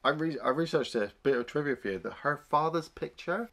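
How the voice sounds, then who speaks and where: Male podcast co-host, bright tone, animated recapper who swears freely. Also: on the high side, fairly quick. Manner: animated, swears freely, acts out scenes in voices. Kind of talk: casual film review chat.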